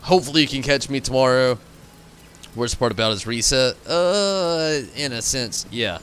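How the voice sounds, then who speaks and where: A man's voice: medium pitch, moderate pace, a bit bright, a little hiss or hum. A tired, frustrated man signing off his stream, rambling and swearing as he thanks his chat. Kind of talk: casual stream sign-off to chat.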